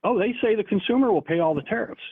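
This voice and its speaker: A man's voice: high-pitched, animated, fast talker, slightly rough. Dismissive man on a tinny phone line. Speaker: caller in a debate.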